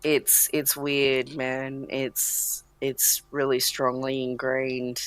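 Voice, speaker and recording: A woman's voice: extremely low pitch, monotone, very slow, no echo. A woman with an Australian accent co-hosting a podcast, blunt and swearing freely in casual chat. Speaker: co-host.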